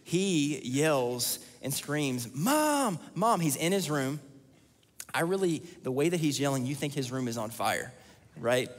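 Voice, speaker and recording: A man's voice: mid-range voice, measured pace. A man preaching a sermon as pastor, earnest and repeating key lines for emphasis. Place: church sanctuary. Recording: long church hall reverb.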